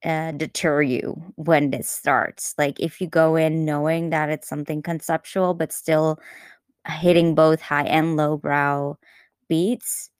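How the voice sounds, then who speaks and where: Low-voiced woman, dry close sound. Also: slow, clear, resonant tone, no room sound. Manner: animated, laughing often, trailing restarts. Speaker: podcast co-host. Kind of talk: casual film review chat.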